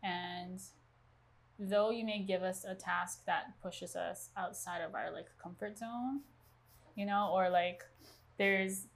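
A woman's voice: mid-range voice, fairly even intonation, takes it slowly, gravelly. Woman coach, chatty, laughs easily, casual group talk. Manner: chatty, laughs often, many fillers.

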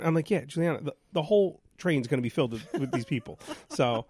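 Animated man. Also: on the high side, fast, husky. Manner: rambling, animated, many restarts. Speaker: radio show host. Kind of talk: casual storytelling chat.

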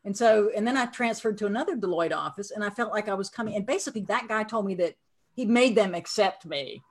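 A woman's voice: medium pitch, fast. Southern lady, middle-aged, pokes fun at herself while telling how her career went. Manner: self-deprecating and frank. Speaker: podcast guest. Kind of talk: casual storytelling chat.

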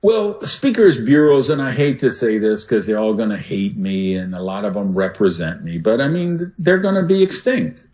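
An older man, a speaking coach and podcast guest, who swings his voice loud and soft to make his points. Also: fairly low pitch, lively intonation, normal speed, few pauses, low-quality recording.

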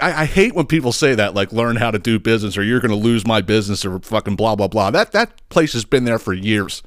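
A man tells a story in a fired-up, swear-filled rant with a fairly low voice. The sound is dry and close, with no room echo. Now and then he jumps way up in pitch to mimic the people he's mocking. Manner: profane, exasperated, acts out others in raised voices. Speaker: podcast host.

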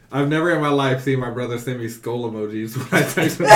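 A man co-hosting a casual podcast chat, animated and quick to laugh. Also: mid-range voice, very noisy. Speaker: podcast co-host. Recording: echoey room.

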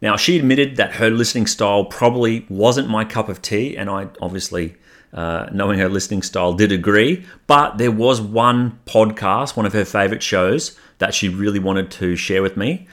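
Male podcast host, low voice, laid-back talk, fillers between clips. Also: moderate pace. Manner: relaxed, conversational, with frequent ums. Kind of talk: casual podcast narration.

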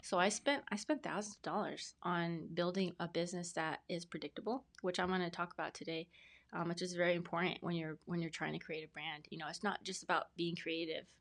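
A woman's voice: fairly low pitch, fairly even intonation, fairly quick. A woman in her thirties, a podcast guest telling her story in a talkative, rambling, earnest way. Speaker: podcast guest, brand specialist. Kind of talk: casual interview storytelling.

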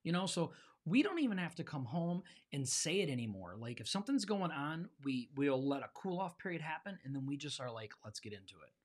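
A man co-hosting a podcast, talking calmly and reflectively, explaining things step by step. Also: on the high side, brisk. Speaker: podcast co-host. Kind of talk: casual chat.

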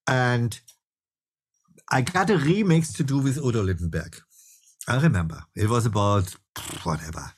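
A man's voice: mid-range voice, breathy edge. A man with a German accent, talking casually as a guest producer in an interview, laughing often and restarting his sentences.

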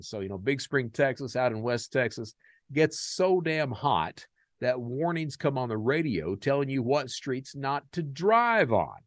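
An American man hosting a podcast, talking casually and candidly with many fillers, growing animated in his stories. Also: mid-range voice, no room sound, studio quality. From United States. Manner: animated when telling stories. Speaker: podcast host.

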